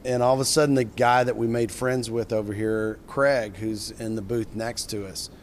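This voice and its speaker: An excited, rambling middle-aged man telling a story. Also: lowish voice, moderate pace, a little hiss or hum. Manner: enthusiastic, rambling, with repeated restarts. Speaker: filmmaker. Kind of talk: animated storytelling in an interview.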